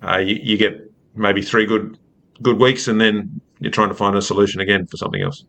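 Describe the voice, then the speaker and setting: A man from Australia with an Australian accent, a rugby writer talking in a measured, hesitant way as a podcast guest. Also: fairly low pitch, little pitch movement, a bit bright. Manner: measured, hesitant, many fillers. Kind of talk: casual podcast chat.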